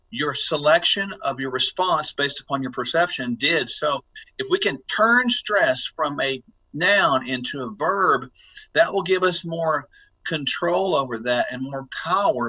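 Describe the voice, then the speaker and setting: A man's voice: mid-range voice, bright, forceful tone, muffled recording. A man speaking as a guest health expert on a podcast interview, talking in an emphatic, instructive way as he coaches listeners.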